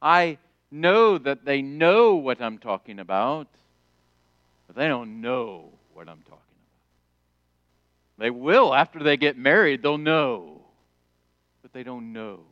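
A middle-aged male pastor preaching a sermon, emphatic, rising to loud declarations and dropping soft. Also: mid-range voice, lively intonation, slow pace, pauses often, clear, resonant tone, no echo, lo-fi sound.

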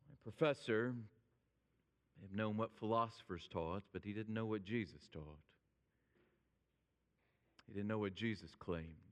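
Slow, emphatic male preacher in a reverberant hall. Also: on the low side. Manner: emphatic preaching, slows down on quoted scripture. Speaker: pastor. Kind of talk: sermon.

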